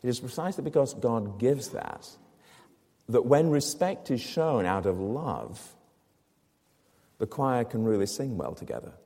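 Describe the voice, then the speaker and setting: Man, preacher, sermon, expository, rhetorical questions, warm mellow tone, church reverb. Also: medium pitch, very animated, measured pace.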